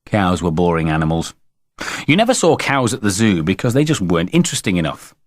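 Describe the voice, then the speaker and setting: Man, storybook narrator, low voice, very lively melody, dry close sound. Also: a little fast, dry recording. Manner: playful, expressive reading. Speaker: audiobook narrator.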